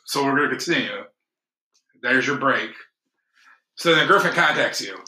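Name: podcast host. Sex: man. Style: casual storytelling chat, animated and laughing. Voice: bright. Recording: echoey room. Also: mid-range voice, moderate pace. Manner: animated, laughing, acts out quotes.

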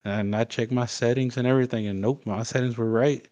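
A man's voice: medium pitch, fairly even intonation, brisk, darkish tone, muffled recording. A man in casual podcast chat, bluntly complaining about a video game. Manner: blunt, complaining gamer talk.

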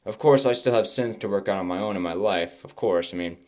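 A man hosting his own podcast, sharing a personal faith testimony in a halting, emotional way with many restarts, close to tears. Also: on the low side, a little mellow. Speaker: podcast host.

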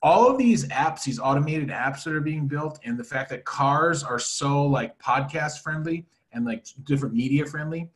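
A man co-hosting a casual business podcast, playful and joking, swinging between loud and quiet. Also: fairly high pitch, lively intonation, moderate pace, hardly any pauses. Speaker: podcast co-host.

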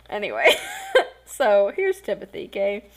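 A woman's voice: medium pitch, very animated, measured pace. A tired young woman hosting her own podcast, telling a story in a rambling, self-conscious way with many giggles and fillers. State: tired, yawning. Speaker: podcast host. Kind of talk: casual solo podcast storytelling.

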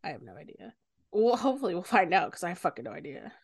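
A young woman co-hosting a podcast, retelling a book's plot in lively casual talk and swearing often. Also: lowish voice, fast talker, creaky, breathy edge, no room sound, clean studio sound. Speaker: podcast co-host. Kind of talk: casual book discussion.

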